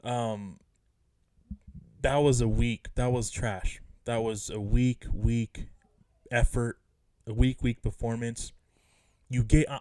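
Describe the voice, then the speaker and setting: A man rants casually as a sports fan vlogger, frustrated and emphatic, circling back to the same points again and again. His voice sits in a mid register with a warm, darkish tone. The sound is close and dry. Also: medium pitch, slow pace, long pauses, no room sound. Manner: frustrated, emphatic, repeats himself. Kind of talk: casual rant about a basketball game.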